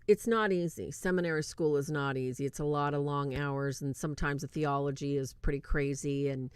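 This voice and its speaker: A woman's voice: on the low side, smooth, no room sound, clean studio sound. A woman hosting a casual livestream movie review, eagerly retelling scenes and checking in with her chat.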